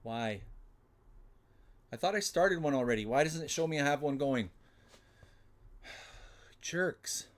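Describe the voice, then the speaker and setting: A man hosting a solo livestream giveaway, flustered and muttering to himself as he fumbles with the software. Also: mid-range voice, expressive, moderate pace, pauses often. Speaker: livestream host running a giveaway. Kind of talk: casual solo livestream chat.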